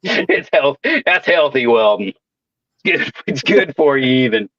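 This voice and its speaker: A man's voice: mid-range voice, animated, measured pace, fairly bright tone, no echo, dull audio. A man telling rowdy work stories in casual, profane chat, swearing constantly. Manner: swaggering storyteller, swears constantly. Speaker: welder co-host.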